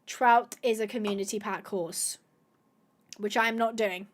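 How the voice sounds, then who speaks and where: A woman hosting a gameplay video, chatting casually to viewers, thinking aloud with excited gasps and asides. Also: mid-range voice, measured pace, noisy background. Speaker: gaming video host.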